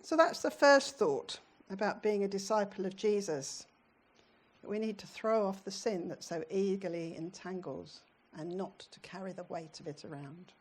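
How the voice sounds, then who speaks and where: A woman's voice: mid-range voice, normal speed. A middle-aged British woman preaching a sermon in a church, in a conversational way, often putting questions to her congregation.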